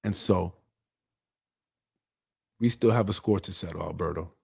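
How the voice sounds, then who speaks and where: A man's voice: low-pitched, measured pace, vocal fry, breathy edge. A middle-aged man hosting a political show, delivering a blunt, confrontational, streetwise monologue. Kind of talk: heated monologue.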